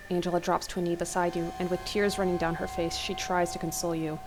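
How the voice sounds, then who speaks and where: A woman's voice: fairly low pitch, level tone, fast talker, darkish tone, faint music behind, poor audio. A young woman hosting a let's play, reading an interactive horror novel aloud into a desk mic, breaking her dramatic reading with startled gasps and comments. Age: young adult.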